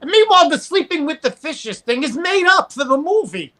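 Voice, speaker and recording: A man's voice: very high-pitched, very animated, a little fast, pushed and bright. A man ranting bluntly and profanely as a podcast guest. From New York. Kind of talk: casual podcast chat.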